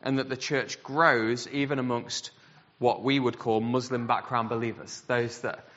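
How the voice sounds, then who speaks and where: A man preaching a sermon, telling a story in an animated way and acting out the voices he quotes. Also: mid-range voice, a little slow. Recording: dull sound with long hall reverb.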